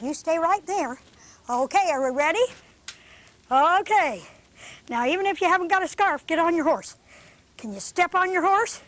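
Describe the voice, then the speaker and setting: A woman hosting a children's show, talking to a group of young kids in a studio in a gentle, patient, sing-song teacherly way. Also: high voice.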